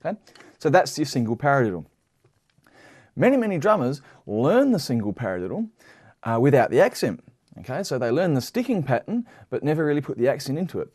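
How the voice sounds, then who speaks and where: A man's voice: mid-range voice, darkish tone. A man giving a patient, explanatory drum lesson, counting out sticking patterns and often checking in with the listener. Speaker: drum teacher. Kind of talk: instructional lesson.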